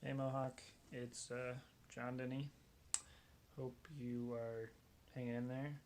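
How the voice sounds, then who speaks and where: A man recording a casual birthday message, talking haltingly with many pauses and uhs. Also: mid-range voice, level tone.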